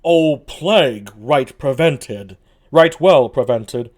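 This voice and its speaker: A man's voice: medium pitch, expressive, slow pace. A man reading aloud as a mopey, gloomy male villain in a solo play reading. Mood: mopey scheming.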